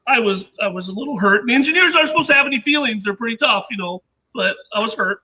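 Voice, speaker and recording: A man with a squeaky, very high voice and a sharp, bright edge to it. He rambles through casual anecdotes as a guest inventor, slipping into the voices of people in his stories. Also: lively intonation, fast talker, low-quality recording. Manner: rambling anecdotes, acting out others' remarks. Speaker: podcast guest, inventor and engineer. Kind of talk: casual storytelling chat.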